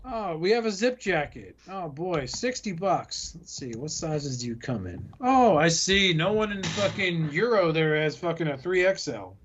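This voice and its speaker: A man with a fairly high voice rants sarcastically through casual podcast banter, swearing at every turn. The sound is slightly muffled and lo-fi. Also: expressive, normal speed, few pauses, a bit bright, a little hiss or hum. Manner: ranting, sarcastic, swears constantly, mock voices. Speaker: podcast host.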